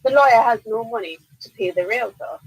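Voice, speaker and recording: A woman's voice: fairly high pitch, brisk, breathy edge, no echo, poor audio. A woman with a Jamaican accent, a lawyer answering listener questions on a radio call-in show, explaining firmly and repeating key points. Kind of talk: radio call-in legal advice. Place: radio studio.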